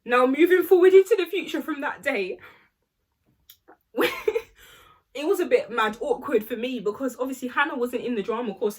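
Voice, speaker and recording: A young woman telling an animated, slangy storytime vlog. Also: medium pitch, husky. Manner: animated, slangy, laughs often while telling. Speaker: vlogger.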